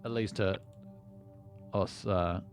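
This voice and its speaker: A man's voice: low voice, fairly even intonation, takes it slowly, faint music behind. A man chatting casually to viewers on a live poker stream. He rambles and often repeats words as he starts a sentence. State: lightheaded.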